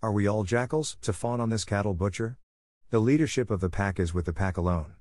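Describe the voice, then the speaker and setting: A man's voice: on the low side, brisk, darkish tone, no echo, studio quality, lightly acted. A man reading aloud, voicing a bold, defiant boy raised by wolves. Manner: bold, eager. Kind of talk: audiobook reading.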